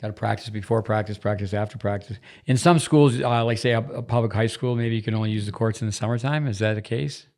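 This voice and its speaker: Low gravelly flat-voiced male host. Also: fast, few pauses. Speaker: podcast host. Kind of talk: interview questions.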